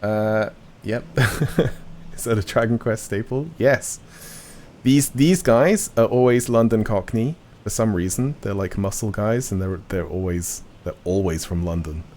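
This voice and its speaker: A man's voice: fairly low pitch, measured pace, a little mellow. A man streaming a game live, chatting in a rambling way with lots of restarts and fillers. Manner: rambling, trailing off, filler-heavy.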